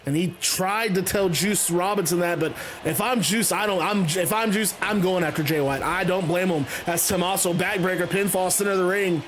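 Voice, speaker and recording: High-voiced male host, casual stop-start play-by-play. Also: normal speed, hardly any pauses, a bit bright, a little hiss or hum. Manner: rambling, stop-start phrasing. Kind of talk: casual wrestling play-by-play narration.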